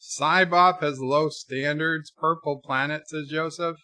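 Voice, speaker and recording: A man's voice: on the high side, fairly even intonation, takes it slowly, pushed and bright, dry recording, clean studio sound. A man casually commenting on a film while reading viewer chat aloud, with wry, sarcastic asides and frequent fillers. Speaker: streamer watching a film with chat.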